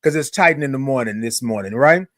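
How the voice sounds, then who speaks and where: Hosting a relaxed morning livestream, a man chats cheerfully, welcoming viewers by name and stretching his good mornings long. He talks fast with lively intonation in a medium-pitched, slightly bright voice, captured close-miked in studio quality with no room sound.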